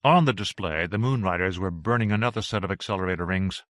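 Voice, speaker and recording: A man narrating a novel in a measured, expressive reading. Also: sits low, dry recording, studio quality. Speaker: audiobook narrator. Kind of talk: scripted narration.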